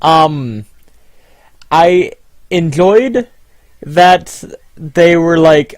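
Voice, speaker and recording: A man co-hosting a casual movie review chat, laid-back and quick to agree. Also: fairly high pitch, darkish tone, dry recording.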